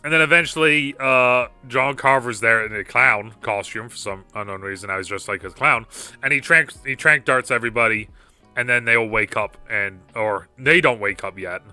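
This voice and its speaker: A man's voice: medium pitch, moderate pace, pushed and bright, clean tone, no room sound, faint music behind. A man co-hosting a casual podcast, chatting in a laid-back way about a film. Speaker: podcast co-host. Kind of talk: casual movie review chat.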